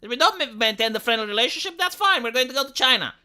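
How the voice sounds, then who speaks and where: A man's voice: very high voice, expressive, very fast, bright, forceful tone, clean tone. A young man from Romania giving profane, opinionated commentary on a live stream, full of rhetorical questions.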